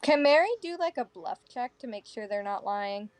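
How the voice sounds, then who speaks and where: A woman's voice: on the high side, expressive, moderate pace, no room sound. A woman playing in a tabletop game, playful and casual. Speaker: player.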